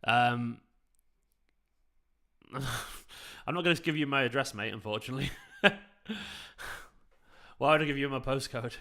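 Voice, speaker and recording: Young guy doing a live footy watchalong, bright voice, chatty and laughy. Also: mid-range voice, a little slow, long pauses. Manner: casual, chatty, laughs while reading chat. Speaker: fan channel host. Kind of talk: live football watchalong commentary.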